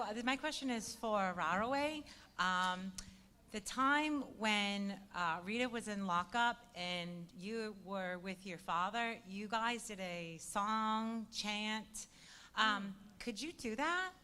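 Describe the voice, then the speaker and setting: A nervous woman fan asking a panel question, halting with many fillers. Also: medium pitch, lively intonation, bright, forceful tone, clean tone. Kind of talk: audience question.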